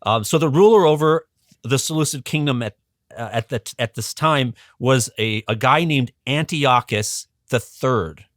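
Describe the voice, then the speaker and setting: A man's voice: mid-range voice, a little slow, no echo, clean studio sound. A man as a guest educator, explaining history in a casual, conversational way with frequent ums and restarts.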